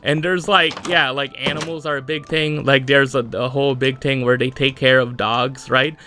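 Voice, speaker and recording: Podcast host, man, bright and forceful voice, loose rambling solo chat full of fillers. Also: medium pitch, fairly even intonation, normal speed, slight background noise. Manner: rambling, many fillers, frequent laughs.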